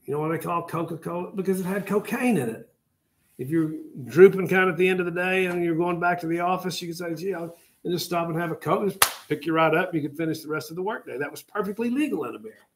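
This is a history teacher, an older man with a somewhat high voice who talks quickly. He lectures his class in a rambling, jokey way, telling stories and turning aside to address his students.

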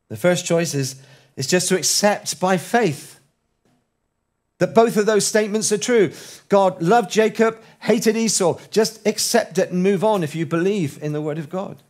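A man preaches a sermon, his voice sitting a touch high for a man. He talks in a lively, conversational way and leans on rhetorical questions. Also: unhurried.

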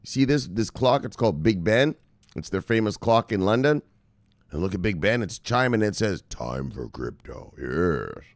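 A man's voice: fairly low pitch, normal speed, dry recording, studio quality. A man hosting a crypto news show, reading headlines and riffing on them in a casual, joking, profane way. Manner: animated, profane, joking asides, reads headlines then riffs.

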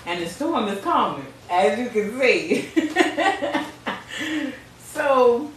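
A woman's voice: fairly high pitch, lively intonation, very slow, distant mic, a little hiss or hum. Chatty woman in an echoey room. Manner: chatty, preachy, frank. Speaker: tarot reader. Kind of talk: casual live stream chat. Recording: echoey room, away from the mic.

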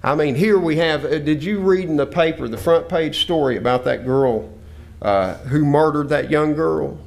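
A man's voice: a little high, normal speed, gravelly. Earnest preacher man. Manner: earnest, scripture-quoting, repeats himself. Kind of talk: sermon lesson.

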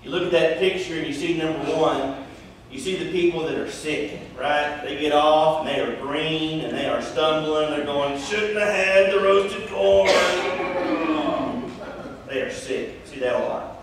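A man's voice: on the high side, steady tone, normal speed. A man in his thirties, a senior pastor telling a comic story in a sermon, joking at his own expense with playful exaggeration. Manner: self-deprecating humor, playful exaggeration. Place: large church sanctuary. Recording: echoey church hall, distant mic, noise.

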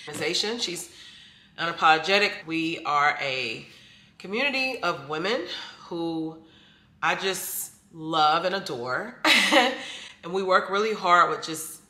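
Sounding a bit congested from allergies, this young woman talks to her vlog audience in a relaxed way about her faith and what she plans to do, addressing them as "y'all." She has a low, sharp-toned voice.

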